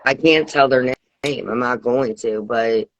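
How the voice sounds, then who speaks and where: A woman chatting casually as host, rambling through an animated, gossipy story. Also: a bass voice, measured pace, no echo.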